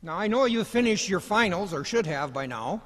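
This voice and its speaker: A man giving a commencement speech, telling stories in a folksy, gently humorous way. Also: high-pitched, lively intonation, normal speed. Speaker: commencement speaker. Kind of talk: ceremonial speech with storytelling. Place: commencement ceremony hall. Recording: large hall reverb.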